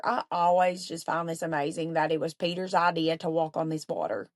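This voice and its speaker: A woman's voice: low voice, brisk, few pauses, no echo. A woman giving a casual Bible study, chatty and earnest, with many fillers and asides.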